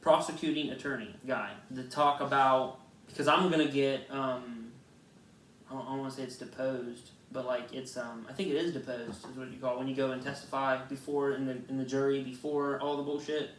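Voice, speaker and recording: A man's voice: medium pitch, brisk, slight background noise. Rambling young man telling a story in an echoey room. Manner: rambling, profane, animated storyteller. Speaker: podcast co-host. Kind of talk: casual chat, storytelling. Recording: echoey room, mic at a distance.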